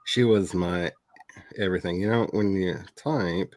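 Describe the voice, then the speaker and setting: He has a deep voice, talks a little slowly, and the recording has no room sound. As host of a casual writing livestream, this author laughs a lot through animated stories and grows tender and emotional when recalling the past.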